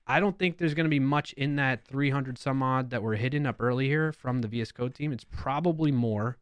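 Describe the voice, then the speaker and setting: A man's voice: mid-range voice, fairly quick, clean tone, dry recording. A man with a New York accent giving casual reaction commentary as a developer YouTuber, with chatty, wry asides.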